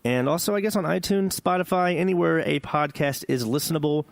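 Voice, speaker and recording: A man's voice: on the high side, fairly quick, gravelly, no echo. A man hosting a gaming podcast in casual chat, joking, rambling and swearing. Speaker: podcast host.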